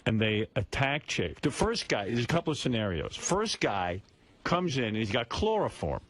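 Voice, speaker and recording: A man's voice: medium pitch, very animated, normal speed, fairly bright tone, a little hiss or hum. A male radio host in a studio, telling a crude, rambling story and often breaking into laughter.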